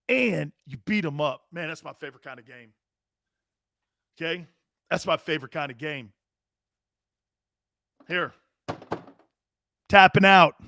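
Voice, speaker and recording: A man's voice: high voice, no echo, studio quality. A middle-aged man hosting a sports talk show, hollering his opinions, swearing freely and hammering the same catchphrases. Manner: loud, hollering and profane; emphatic, repeats catchphrases.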